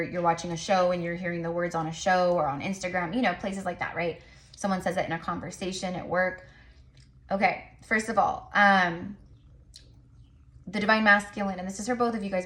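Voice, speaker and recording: A woman's voice: mid-range voice, fairly bright tone. A woman giving a casual tarot reading to her viewers, rambling with many fillers and restarts. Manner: says she talks fast. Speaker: tarot reader.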